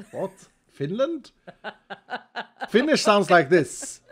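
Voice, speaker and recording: A man's voice: fairly high pitch, wildly swooping pitch, unhurried, pauses often, fairly bright tone, slightly rough. A man from Sweden with a Swedish accent, chatting casually and laughing often while he plays a game over voice chat. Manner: laughs often, playful and teasing. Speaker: streamer and host.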